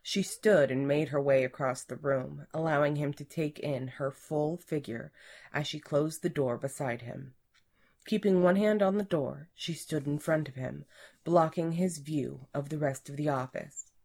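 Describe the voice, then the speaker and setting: A woman narrating an erotic audiobook in a slow, breathy, intimate way that often falls to a whisper. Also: deep voice, darkish tone.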